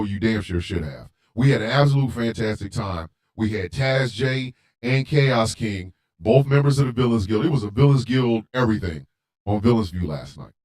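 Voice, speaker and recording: A man hosting a radio show, delivering a heated monologue with emphatic repetition and occasional shouting. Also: medium pitch. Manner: emphatic, repeats lines for force; rants, at times shouting.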